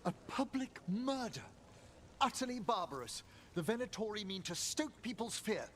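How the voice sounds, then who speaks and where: A man's voice: high voice, sing-song, normal speed, a little hiss or hum. An actor playing a prim, cultured male companion in a fantasy video game, speaking in a refined, formal way. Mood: disgusted.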